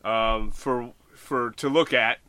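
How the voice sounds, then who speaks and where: A man's voice: mid-range voice, steady tone, takes it slowly, pushed and bright, dry recording. A man in casual chat, rambling and self-deprecating, with plenty of fillers. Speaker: model railroad hobbyist podcast host.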